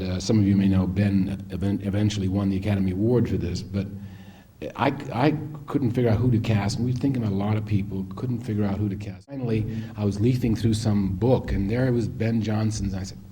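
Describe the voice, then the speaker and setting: Mellow-voiced man telling film-set stories. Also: lowish voice, fairly quick. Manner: rambling, animated, acts out the people he quotes. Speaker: film director telling anecdotes. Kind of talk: anecdotal storytelling to an audience.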